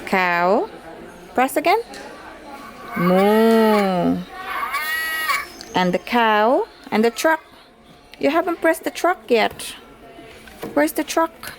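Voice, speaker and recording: A woman showing a baby a sound book, speaking in a gentle sing-song and imitating animal noises. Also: high-pitched, sing-song, slow pace, long pauses, background noise. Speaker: caregiver playing with a baby.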